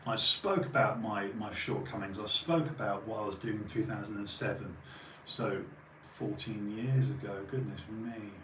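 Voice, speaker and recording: A man's voice: fairly low pitch, normal speed, fairly bright tone, recorded from a distance. A man in his forties giving an emphatic, rambling opinion monologue as a channel host. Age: 40s. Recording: roomy echo, voice off-mic, faint background hum.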